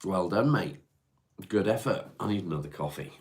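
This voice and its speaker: Low-voiced man chatting. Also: lively intonation, moderate pace, a little hiss or hum. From North West England. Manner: laid-back, sighing, hums to himself between comments. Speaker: livestream host. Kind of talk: casual livestream chat, reading and answering viewer comments. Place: at home.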